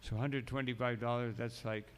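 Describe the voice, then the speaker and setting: A man's voice: mid-range voice, fairly even intonation, moderate pace, clean tone. A man giving a morning sermon as a monk, telling stories and breaking in with asides. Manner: storytelling, reads passages aloud then adds asides. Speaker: monk lecturer. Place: temple hall. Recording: long echoing hall.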